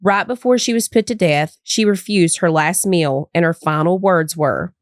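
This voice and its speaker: A woman with a slightly low voice talks on a dry, close podcast mic. She shifts between loose, filler-heavy chat and reading case notes aloud. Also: moderate pace, hardly any pauses, no echo. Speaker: podcast co-host. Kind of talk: casual true-crime chat.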